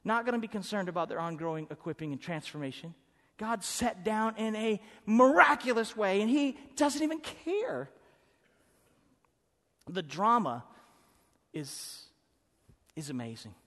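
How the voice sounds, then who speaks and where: A man preaching a sermon as pastor, emphatic and swinging from loud to hushed. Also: high voice, very animated, unhurried, long pauses. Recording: preaching in a hall with long reverb.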